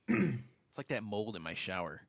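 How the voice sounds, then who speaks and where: A man's voice: on the low side, gravelly. A man on a car podcast panel, giving laid-back answers and wisecracks. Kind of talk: casual panel chat.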